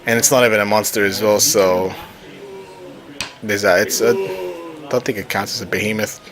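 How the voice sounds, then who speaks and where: A man's voice: lowish voice, fairly even intonation, normal speed. A man casually explaining a tabletop wargame as he plays, often stopping and restarting his phrases. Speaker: tabletop wargame player recording a battle report. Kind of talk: casual explanatory narration over a tabletop game. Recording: chatter from a crowd in the background.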